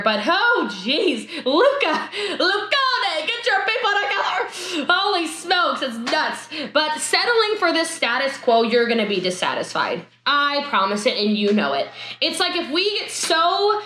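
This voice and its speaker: A woman with a high, bright voice gives an emphatic motivational talk to her sales team. She hammers words through repetition and leaps into high exclamations. The room around her rings with echo.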